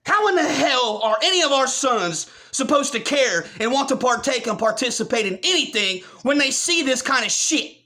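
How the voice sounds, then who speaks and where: Furious high-voiced man ranting. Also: very animated, normal speed, few pauses. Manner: furious, profane, often shouting. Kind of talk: angry rant.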